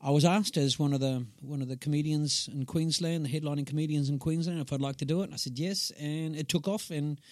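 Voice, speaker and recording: A man, a comedian, telling stories in a casual interview, animated and laughing often as he acts out voices. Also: a little high, quick pace, few pauses, dry recording. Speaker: comedian guest.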